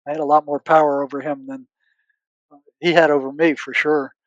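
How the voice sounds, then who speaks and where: An older man speaks as an interview guest, his voice sitting a bit high for a man. He tells stories earnestly, repeating words as he searches for them and acting out old conversations. The sound is close and dry. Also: flat delivery, fairly quick, no room sound, dull audio. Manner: relives past conversations, quoting himself and others. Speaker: guest, retired psychotherapist. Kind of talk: conversational storytelling.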